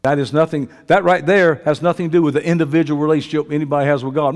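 A man preaching a sermon, folksy and joking, swinging from quiet asides to loud preaching. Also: on the high side, steady tone, quick pace, hardly any pauses, big-room sound. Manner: folksy, joking, uses y'all and ain't. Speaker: pastor. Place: church sanctuary.

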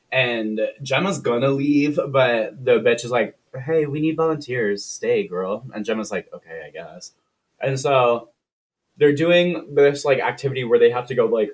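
A man co-hosting a podcast, retelling a film plot in casual, profane chat and briefly putting on voices for the characters. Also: mid-range voice. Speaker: podcast co-host.

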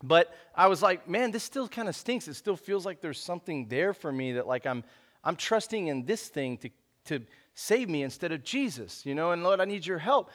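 A man gives a sermon in a relaxed, conversational style. His voice sits high for a man, and he keeps dropping "man" into his sentences. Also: normal speed. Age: 30s. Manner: laid-back, conversational, says "man" a lot. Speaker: pastor. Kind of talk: casual sermon.

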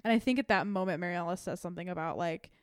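A young woman co-hosting a podcast, recapping a TV episode in casual chat, animated, swearing freely and laughing often. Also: fairly low pitch, very fast, clean tone, no echo, clean studio sound. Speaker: podcast co-host.

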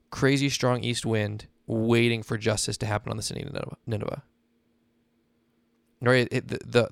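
A man's voice: mid-range voice, creaky, clean tone, no room sound. A man hosting a podcast, talking through a Bible passage in a casual teaching style, often checking in with "right?". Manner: conversational, often adds "right?". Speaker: podcast host.

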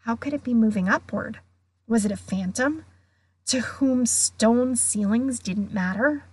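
A woman guest reader reading a children's novel aloud in an expressive way. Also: fairly high pitch, breathy edge, dry recording. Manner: slow, expressive.

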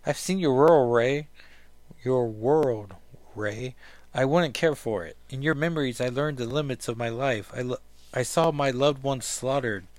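A man's voice: a little slow, a little mellow, no room sound, natural voice. A man doing a bitter, anguished young woman. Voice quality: deepened voice. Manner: bitter, pained outbursts.

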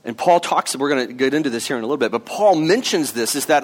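A man's voice: mid-range voice, lively intonation, fast talker, hardly any pauses. A man in his thirties preaching a sermon in an earnest, conversational way, with casual asides. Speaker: pastor.

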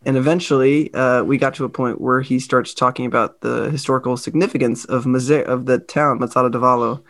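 An American man co-hosting a podcast, telling a travel story in a lively, casual way and acting out the people in it. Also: mid-range voice, brisk, dry recording. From United States. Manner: animated storyteller who acts out quoted people. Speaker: podcast co-host.

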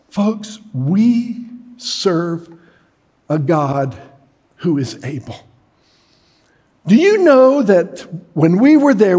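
A middle-aged man preaching a sermon, telling a story dramatically and shouting at its peaks. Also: high voice. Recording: long hall reverb.

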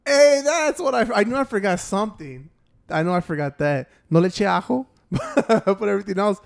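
High gravelly guy cussing and laughing with his buddies. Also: big pitch swings, fairly quick. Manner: laughing, crude, stammering. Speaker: cook, friend in group chat. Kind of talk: casual banter with friends.

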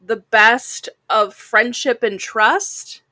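A woman's voice: on the high side, very slow, pushed and bright, dry recording. A woman co-hosting a casual anime discussion podcast, chatty and full of "like" fillers, sounding a bit like a Valley girl. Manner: chatty, heavy use of "like" fillers. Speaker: podcast co-host.

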